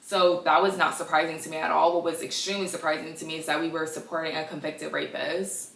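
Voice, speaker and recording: A woman in her twenties hosting a casual gossip podcast, chatty and animated with sassy asides. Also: low-pitched, fast talker, vocal fry, recorded from a distance. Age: 20s. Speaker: podcast host. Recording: echoey room, a bit off-mic.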